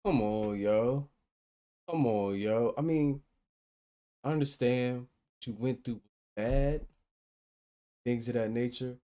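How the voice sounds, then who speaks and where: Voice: mid-range voice, takes it slowly, long pauses, dark tone. A reaction video host giving casual, exasperated commentary, ranting and often asking "you know what I'm saying".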